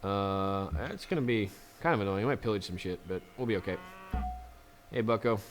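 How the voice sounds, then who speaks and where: A man's voice: lowish voice, expressive, a little fast, faint music behind. A man casually commenting on his strategy game, chatty and laughing often, talking to the units on screen. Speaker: let's play gamer.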